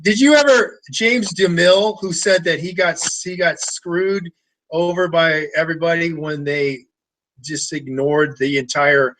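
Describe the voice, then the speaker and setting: A man's voice: fairly high pitch, fairly even intonation, a bit bright, rough recording. A man interviewing a guest in a casual chat, asking short questions and often agreeing. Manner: short prompts and quick agreement.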